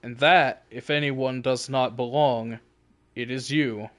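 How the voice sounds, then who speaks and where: A man's voice: medium pitch, normal speed, a little hiss or hum, close to an everyday voice. A man doing a weary, brooding warrior. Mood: wry. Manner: flat, heavy, gravely serious.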